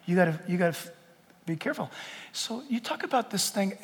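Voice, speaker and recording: Male pastor, high and animated, jokey yet fervent preaching; reverberant church sanctuary. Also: a little fast. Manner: impassioned, jokey, rhetorical questions. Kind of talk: sermon. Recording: long church hall reverb.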